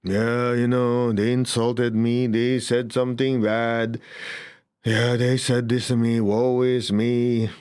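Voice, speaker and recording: A man voicing a self-pitying complainer who drags out each grievance in a slow, sulky tone. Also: medium pitch, level tone, a little mellow, clean tone, no echo, clean studio sound, close to an everyday voice. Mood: mopey.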